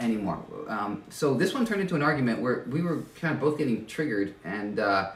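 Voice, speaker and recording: A man's voice: on the high side, sharp tone, echoey room, recorded from a distance. A man preaching a sermon as pastor, conversational and self-deprecating, often restarting and stammering over his words.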